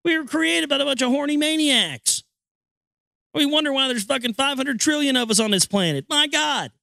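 A man's voice: very high-pitched, normal speed, vocal fry, bright, forceful tone, dry recording, studio quality. A man who hosts a podcast, reading an ancient text aloud and ranting over it in crude, profane language. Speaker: podcast host.

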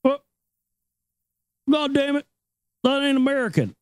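A loud, belligerent customer rants in a store line, indignant and shouting, as a man puts him on. The voice jumps high above the speaker's normal pitch. The sound is close and dry. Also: expressive, unhurried, dry recording.

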